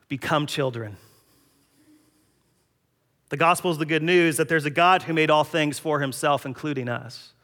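A man's voice: medium pitch, fairly bright tone, in a large hall. A man preaching a sermon, telling a story and acting out the voices in it. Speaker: pastor.

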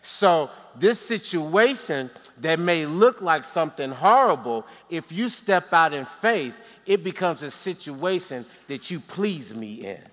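High, bright-voiced animated preacher. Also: male voice, a little slow, hardly any pauses. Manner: animated, humorous asides. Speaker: pastor. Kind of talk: sermon. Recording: long reverb in a large hall.

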